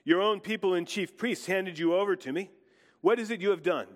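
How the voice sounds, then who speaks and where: A man's voice: high-pitched, a little fast, long reverb tail, voice pushed up, natural voice. A man reading as an anxious Roman governor. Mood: emphatic. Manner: raised, emphatic questioning reading voice. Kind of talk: dramatic scripture reading.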